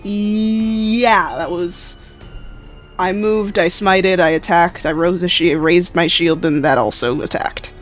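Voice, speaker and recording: A mid-pitched player describes their character's moves in a tabletop game, pausing with frequent ums as they think aloud. Soft music plays behind them. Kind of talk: casual tabletop play.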